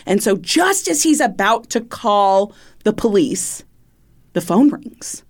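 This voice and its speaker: A woman co-hosting a casual true-crime podcast, telling the story in an animated, giggly way. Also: medium pitch, slow. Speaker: podcast co-host.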